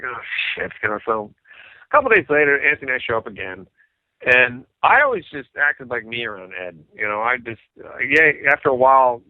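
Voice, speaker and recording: A middle-aged man, a rock bassist being interviewed, telling anecdotes in a casual way and acting out what people said. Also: dry recording. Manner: animated anecdotes, acts out quoted dialogue. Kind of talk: casual storytelling. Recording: dry tinny phone-like sound.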